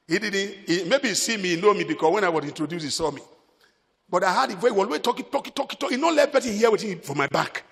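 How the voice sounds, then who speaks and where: A man's voice: sits high, animated, quick pace, gravelly, long reverb tail. A Nigerian man preaching a sermon as pastor, emphatic, repeating his phrases.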